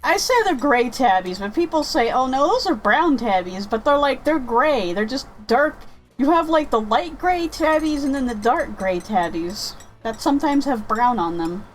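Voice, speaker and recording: Woman chatting while she plays, kinda high voice, rambly, restarts a lot. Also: lively intonation, moderate pace, faint music behind, low-quality recording. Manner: rambling, thinks out loud with many restarts. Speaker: gaming streamer chatting with viewers. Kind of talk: casual chat over gameplay.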